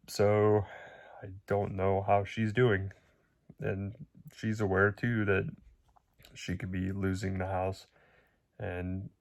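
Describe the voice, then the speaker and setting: A middle-aged man giving a halting, emotional video update, his voice nearly breaking with many pauses and fillers. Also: sits low, a little mellow. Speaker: vlogger.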